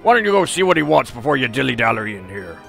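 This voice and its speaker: A man's voice: mid-range voice, sing-song, fast talker, gravelly, a bit bright, faint music behind, exaggerated voice. A man voicing chatty, homespun villagers while reading game dialogue aloud. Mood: friendly. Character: folksy small-town villagers, chatty and homespun.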